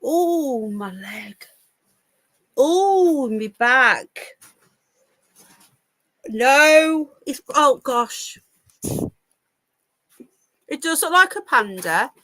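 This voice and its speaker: A woman's voice: high voice, lively intonation, very slow, long pauses, fairly bright tone, no room sound. A woman hosting a casual live stream, talking to her pets in cooing baby talk. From United Kingdom. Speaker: livestream host.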